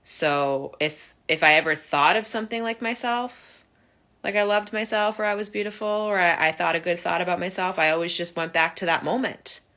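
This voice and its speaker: Brief: young woman, low pitch, bright forward tone, earnest personal vlog confession with halting restarts. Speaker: vlogger sharing her recovery story. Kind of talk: personal reflective monologue.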